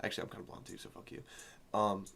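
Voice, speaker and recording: A man's voice: rapid-fire, fairly bright tone. A young man co-hosting a podcast, telling rambling stories in casual chat, swearing freely and laughing as he talks. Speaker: podcast co-host.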